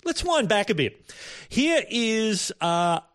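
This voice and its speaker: Male podcast host, fairly high voice, dry close mic, thoughtful and rambling. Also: very animated, slow pace, fairly bright tone, dry recording. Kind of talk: casual commentary.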